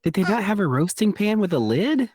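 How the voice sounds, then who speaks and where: A man's voice: sits high, big pitch swings, fairly quick, darkish tone, no room sound, studio quality. A man co-hosting a podcast in casual chat, teasing and sassy in his banter. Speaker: podcast co-host.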